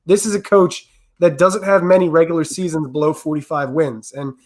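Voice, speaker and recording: A man with a fairly high voice co-hosting a sports podcast. He lays out his argument in a steady, explanatory way while keeping the chat casual. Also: a little fast. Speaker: podcast co-host.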